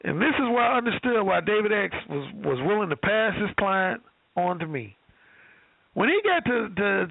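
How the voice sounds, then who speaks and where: A male dating coach with a gravelly, husky, high voice that bounces all over tells a story on a call-in show, cursing and highly animated. The dry recording sounds squeezed through a tinny phone line.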